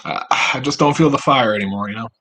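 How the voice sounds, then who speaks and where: A man's voice: mid-range voice, fast, bright, forceful tone, a little hiss or hum. A man at home, talking straight to camera in a rambling, profane, self-mocking monologue. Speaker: vlogger.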